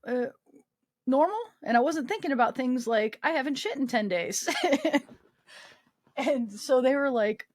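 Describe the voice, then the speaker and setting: A woman's voice: high voice, expressive, measured pace, pauses often, darkish tone. A woman in her twenties, a guest on a podcast, telling a personal story candidly with self-mocking humor, swearing and lots of fillers. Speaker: podcast guest, army veteran.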